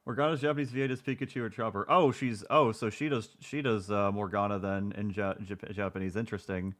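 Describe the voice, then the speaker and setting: A man's voice: fairly low pitch, fairly even intonation, quick pace, fairly bright tone. A male streamer gives live commentary over a video he is watching. He mocks it with sarcasm and frequent swearing. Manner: sarcastic, mocking, profane.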